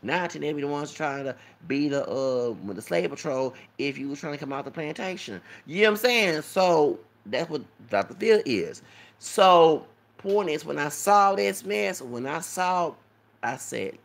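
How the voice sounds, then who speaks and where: A man's voice: fairly high pitch, lively intonation, unhurried, gravelly. A man talking in a rambling commentary vlog, lecturing and often asking "okay?" and "you know what I'm saying?". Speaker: YouTube commentator.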